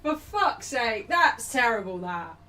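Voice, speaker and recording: A woman's voice: on the high side, sing-song, slow pace, sharp tone, far from the mic. A young woman hosting a live football watchalong stream, chatting casually with her viewers, laughing a lot and swearing now and then. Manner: laughs often, swears, talks to her chat.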